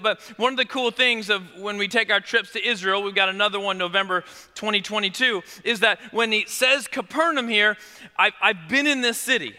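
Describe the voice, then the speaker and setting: A man preaching a sermon as pastor, conversational and animated, dropping to quiet emphasis at key points. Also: high voice, in a large hall.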